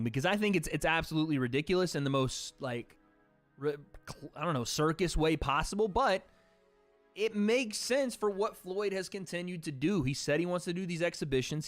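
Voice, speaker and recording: A man's voice: on the high side, fairly bright tone. A young man from the American South chatting casually on a livestream, reading donations and trailing off with laughs. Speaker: streamer hosting a watch party.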